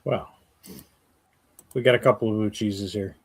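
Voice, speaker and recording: A man's voice: fairly low pitch, steady tone, moderate pace, slightly rough. A man co-hosting a livestream, casually reading out viewer comments and poll results. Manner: easygoing, reads out comments and polls. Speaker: co-host.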